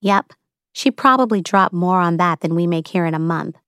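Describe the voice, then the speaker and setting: A woman's voice: expressive, moderate pace, a bit bright, smooth, dry recording, studio quality. A woman voicing a chatty, eager young female coworker who drops her voice to gossip. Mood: gossipy. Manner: gossipy, lowers voice conspiratorially.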